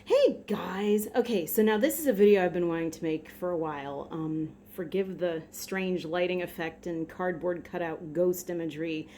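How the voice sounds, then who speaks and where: A woman with a fairly low voice chats casually to her phone camera in a vlog. She wanders and corrects herself with plenty of fillers, and faint noise sits under her voice. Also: normal speed, few pauses, mellow. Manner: chatty, self-correcting, with fillers. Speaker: vlogger.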